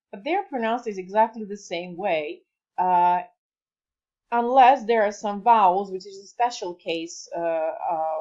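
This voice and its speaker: A woman teaching a beginner language lesson, patient and clear, sounding out words slowly for the listener to repeat. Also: medium pitch, darkish tone, highs cut off. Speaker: French teacher.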